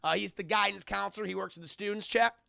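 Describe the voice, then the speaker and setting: Gravelly high-voiced guy in his 30s streaming a film review, swears a lot, dry sound. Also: fast talker, dry recording. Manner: animated, profane, laughs while retelling. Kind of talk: live spoiler review chatting with viewers.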